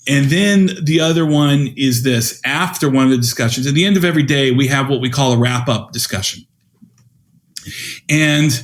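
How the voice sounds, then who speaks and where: A man in his fifties, a podcast guest and educator, telling stories and acting out the dialogue he quotes. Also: medium pitch. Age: 50s. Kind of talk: conversational storytelling.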